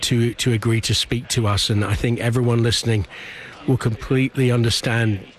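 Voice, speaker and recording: A man interviewing guests in a broadcast speaks in a mid-range voice. He is gentle and a little stumbling as he asks his questions. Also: mid-range voice, flat delivery, moderate pace.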